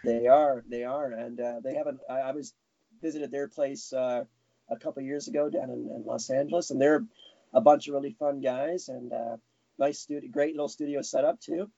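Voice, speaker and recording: A man with a mid-range, creaky, warm voice talks at a normal speed in a steady tone. He's a guest animator being interviewed, chatting casually, rambling, restarting often, correcting himself and chuckling. The lo-fi recording sounds dull, with no echo.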